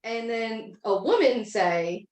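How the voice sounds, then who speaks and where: A woman's voice: fairly high pitch, expressive, slow pace, darkish tone. A woman in her thirties telling a long story in a casual, rambling way, full of filler words. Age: 30s. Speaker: podcast co-host. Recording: echoey room.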